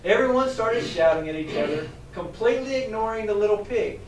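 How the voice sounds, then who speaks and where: A man's voice: sits high, fairly quick, slight background noise. A man reading a picture book aloud to children, stopping to ask them questions. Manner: animated, asks questions, chuckles. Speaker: teacher trainer reading aloud. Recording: echoey room, distant mic, faint ambience.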